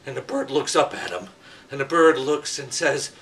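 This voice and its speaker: Middle-aged male host, rambling joke teller, bright tone, recorded from a distance. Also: medium pitch, expressive, normal speed. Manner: rambling with many "you know" fillers. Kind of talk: casual joke telling. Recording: voice from far off the mic.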